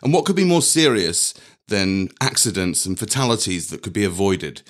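A man's voice: low-pitched, expressive, moderate pace. A man hosting a comedy sketch show, dry and mock-earnest. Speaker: host.

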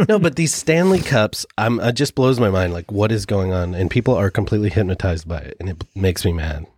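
A man co-hosting a podcast in casual chat, jokey, quick to ask questions and get riled up. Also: on the low side, lively intonation, darkish tone, dry recording, studio quality. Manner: asks lots of questions, jokey and easily riled.

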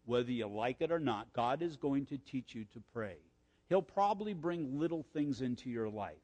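A man's voice: mid-range voice, lively intonation, normal speed, a little mellow. Older male pastor, echoey sanctuary. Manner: earnest, conversational preaching with personal stories. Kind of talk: sermon. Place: church sanctuary. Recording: echoey church hall reverb.

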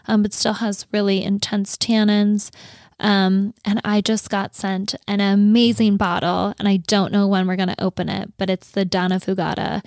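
A woman's voice: mid-range voice, a little mellow, no room sound. Woman on a podcast, chatty and loose, lots of ums, dry close mic. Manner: chatty, many fillers, explains wine picks. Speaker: podcast co-host. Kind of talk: casual chat.

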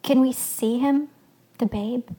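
A woman's voice: on the high side, fairly even intonation, slow pace, warm tone. A woman voicing an eager, slightly abashed bearded male shepherd in a read-aloud story. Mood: hesitant.

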